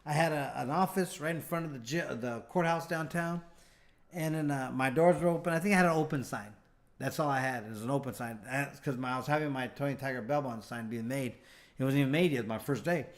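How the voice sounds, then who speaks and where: A man's voice: mid-range voice, brisk. A middle-aged man, a former fighter, telling long stories in a casual interview, rambling with restarts and acting out what others said. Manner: rambling, acts out quoted dialogue with restarts. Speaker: guest, former fighter turned bail bondsman.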